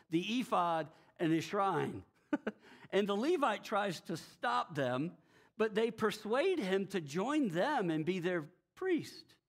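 A man preaching a sermon as pastor of a church, telling the story in a lively way with rhetorical questions and frequent chuckles. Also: sits high.

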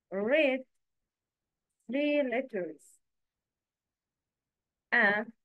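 Slow, patient female reading teacher. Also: fairly high pitch, no room sound, poor audio. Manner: patient, repeats prompts and asks pupils to repeat. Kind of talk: pronunciation lesson.

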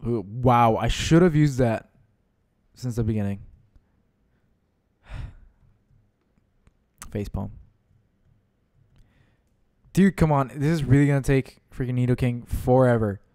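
Excitable young man narrating his gameplay. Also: mid-range voice, a little slow, pauses often, no room sound, clean studio sound. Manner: excitable, says "dude" constantly, yells and laughs at the game. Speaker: gaming channel host. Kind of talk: let's play commentary.

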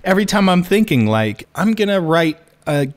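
A man's voice: high-pitched, big pitch swings, normal speed. A man talking casually in an interview, rambling and restarting his sentences as he explains technical ideas. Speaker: guest musician.

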